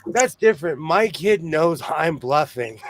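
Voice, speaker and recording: Male host, lively, laugh-prone storyteller with a swooping, slightly high voice. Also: measured pace, no room sound. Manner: animated storyteller who laughs often. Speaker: host of a sewing show; single father. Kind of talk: casual chat.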